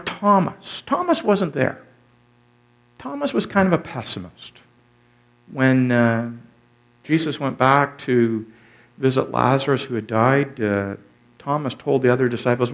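A man preaching a sermon as a pastor, retelling scripture with enthusiasm. He repeats phrases for effect and lets his loudness surge and drop. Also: mid-range voice, animated, normal speed, vocal fry.

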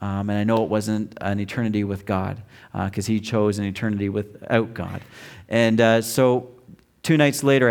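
A middle-aged man preaching a sermon, telling a personal story with acted-out quotes and emphatic shifts in pitch and volume. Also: clear, resonant tone. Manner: storytelling, acts out quotes loudly. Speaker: pastor.

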